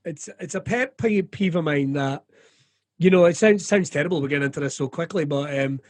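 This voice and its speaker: A man's voice: on the high side, fairly quick, no echo. A Scottish man, a comedian and radio presenter, talking candidly and jokily in a casual interview, swearing freely.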